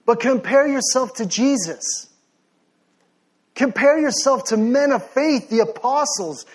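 A young man delivering a sermon in a high, light voice. He preaches with fervent intensity, building to loud, insistent commands. Between them he eases into quieter, self-deprecating asides. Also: lively intonation, a little slow. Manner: passionate, rising to near-shouting then softening to sheepish asides.

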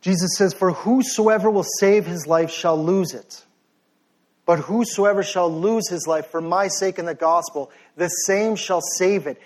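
A young man preaching a sermon with passion, swinging between forceful exhortation and sheepish, joking asides. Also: high-pitched, measured pace. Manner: passionate, rising to near-shouting then softening to sheepish asides.

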